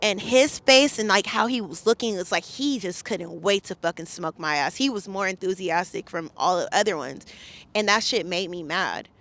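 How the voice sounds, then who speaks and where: A podcast guest from the San Francisco Bay Area, this woman speaks at medium pitch and a moderate pace with a slightly bright tone. She recounts a story in a heated, emphatic, profane way during a casual storytelling interview.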